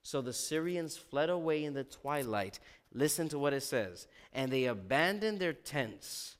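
Man, preacher, sermon, fairly high voice, very animated pitch, loud bursts and low asides. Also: measured pace, smooth. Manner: animated, swings from loud emphasis to low asides, calls "amen?". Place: church sanctuary.

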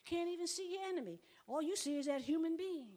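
A woman's voice: very high-pitched, lively intonation, fast talker, mellow. A woman preaching a sermon, emphatic and repetitive, sometimes dropping to a near whisper. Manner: emphatic, repeats phrases, drops to near whispers.

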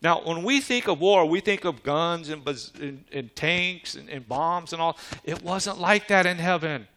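A man's voice: fairly high pitch, measured pace, pushed and bright. A man preaching a sermon, reading scripture and calling questions out to the congregation. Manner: emphatic preaching with call-and-response questions to the congregation. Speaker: pastor.

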